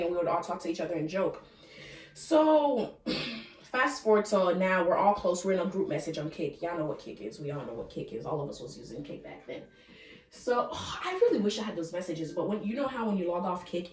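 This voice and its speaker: A young woman vlogger rambles through a casual storytime, blunt and chatty, cursing now and then and speaking straight to her viewers. Her lowish, slightly mellow voice is recorded from a distance, since she sits back from the mic and the room lends it a hollow, roomy ring.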